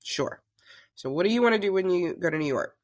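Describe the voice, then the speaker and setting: Woman, talk show host type, guest spinning a lively story in a casual chat. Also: on the low side, a little fast. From Southern United States. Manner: chatty, animated storyteller.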